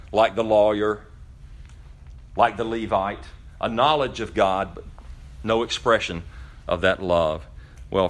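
Low-voiced man preaching a sermon. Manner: preaching with rhetorical questions, swinging between loud emphasis and quiet asides. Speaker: pastor. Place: church during a service.

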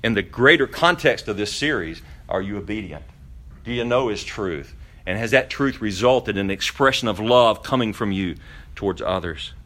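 Male pastor, lowish voice; sermon in church, pointed rhetorical questions, surges loud then drops soft. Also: expressive, normal speed. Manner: preaching with rhetorical questions, swinging between loud emphasis and quiet asides. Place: church during a service.

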